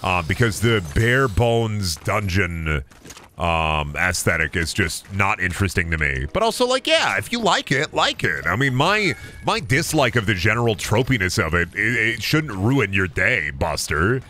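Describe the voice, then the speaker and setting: A man's voice: lowish voice, very animated, a little slow, pushed and bright. A man streaming a game, ranting cynically and with plenty of swearing in a casual chat. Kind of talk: casual chat while gaming.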